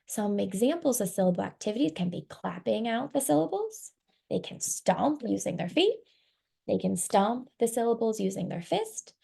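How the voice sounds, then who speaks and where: Gravelly-voiced woman presenting a webinar. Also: medium pitch, very animated, moderate pace, mellow. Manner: explanatory, walks through slides. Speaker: reading instruction director.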